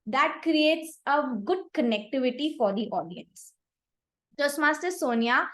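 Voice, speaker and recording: High-voiced woman giving upbeat feedback. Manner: upbeat, encouraging, gives gentle suggestions. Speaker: table topics evaluator. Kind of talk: club meeting evaluation, feedback.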